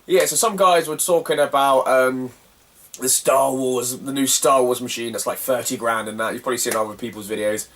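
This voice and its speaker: A man's voice: mid-range voice, moderate pace, a bit bright, recorded from a distance. A young man, telling a rambling, slangy story as a retro gaming vlogger and laughing often between phrases. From Cornwall, England. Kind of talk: casual rambling anecdote.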